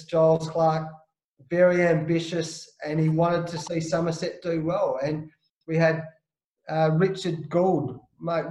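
Man from Australia, high voice, roomy echo, lively slangy storyteller. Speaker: guest, former cricketer. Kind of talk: animated anecdote telling.

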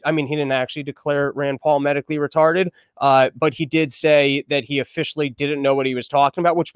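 High-voiced crude comedic podcast host. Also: male voice, clear, resonant tone, dry recording, studio quality. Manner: crude, irreverent and rambling. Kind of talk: comedic news commentary.

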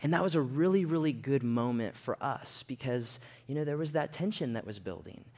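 A man's voice: mid-range voice, brisk. Man telling a story from the pulpit. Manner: animated storyteller, acts out quotes in a raised voice. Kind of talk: storytelling sermon.

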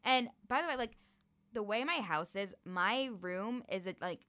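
A young woman telling a story in a casual chat, animated and laughing often. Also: mid-range voice, a little slow.

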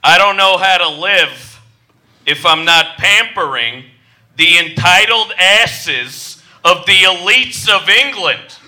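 Lovesick butler played by a man, put-on posh and melodramatic: high, slow, bright, for a comedy audio sketch. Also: animated, full character voice. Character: dramatic, lovesick male butler.

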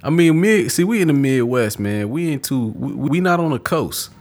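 A man's voice: mid-range voice, expressive, moderate pace, a little mellow. A man with a Detroit accent in casual chat, laid-back and joking, laughing often.

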